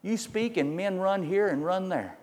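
A man doing a high scornful wicked queen. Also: lively intonation, moderate pace, a little mellow, big-room sound. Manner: high mocking falsetto. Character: scheming scornful queen, a woman.

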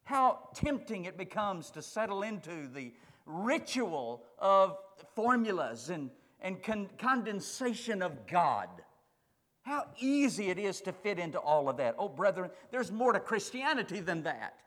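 Male pastor, sermon, emphatic repetition, high voice, long reverb. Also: very animated, unhurried, fairly bright tone. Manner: emphatic preaching with building repetition.

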